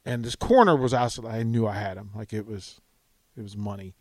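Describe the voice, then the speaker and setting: A middle-aged man hosting a sports radio show, telling a story with lively acted-out quotes. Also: medium pitch, fairly quick, creaky, no echo. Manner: animated storytelling, acts out quotes. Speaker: radio host.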